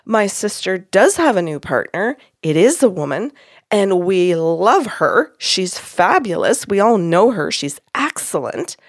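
A woman's voice: mid-range voice, measured pace, dry recording, clean studio sound. Woman telling a story in casual talk. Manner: animated, quotes others in her own voice. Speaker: podcast host and medium.

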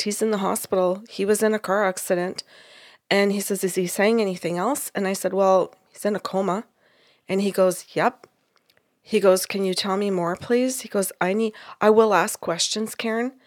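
A woman, a psychic medium, telling a story in casual conversation, animated and laughing often. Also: mid-range voice, dry recording, clean studio sound. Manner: animated, laughs often, quotes others in dialogue. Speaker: psychic medium, podcast co-host.

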